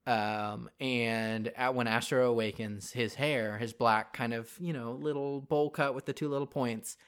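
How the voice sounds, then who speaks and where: A man with an average-pitched voice co-hosts a laid-back podcast. He recaps a plot in a chatty way and voices the characters' lines as he retells it. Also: fairly even intonation, measured pace, a bit bright, clear, resonant tone. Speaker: podcast co-host. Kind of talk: casual chat.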